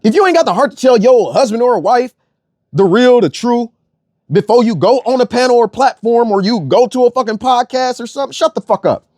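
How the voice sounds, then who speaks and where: A young man rants bluntly and profanely, hammering his points through repetition. His voice sits high for a man and swings widely in pitch. The recording is close and dry. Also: expressive, brisk, darkish tone, no echo. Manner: repeats phrases for emphasis. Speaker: online commentator. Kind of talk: ranting monologue.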